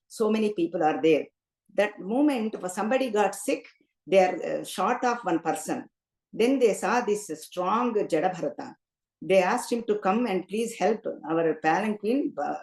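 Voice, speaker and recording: A woman giving a spiritual discourse, telling a scriptural story and chanting Sanskrit verses slowly. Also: mid-range voice, darkish tone. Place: temple hall. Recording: roomy hall echo.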